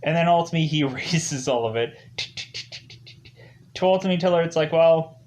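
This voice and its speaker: A man's voice: a little high, fast talker, darkish tone. A man giving a casual, rambling spoken film review, leaning heavily on fillers like "ultimately" and "like". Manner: loosely acts out characters' lines in quotes.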